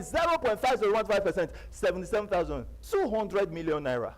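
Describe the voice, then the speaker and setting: A man with a Nigerian accent giving a live seminar talk, emphatic and repetitive, jumping between loud bursts and quiet asides. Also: sits high, expressive, fast talker, hardly any pauses, low-quality recording. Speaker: seminar speaker. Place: seminar venue.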